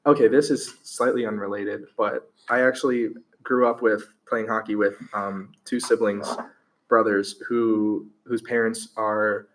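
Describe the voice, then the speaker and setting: A man's voice: on the low side, little pitch movement, a little slow, slight background noise, low-quality recording. An American man co-hosting a podcast, chatting loosely with many fillers. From United States. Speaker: podcast co-host. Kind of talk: casual chat.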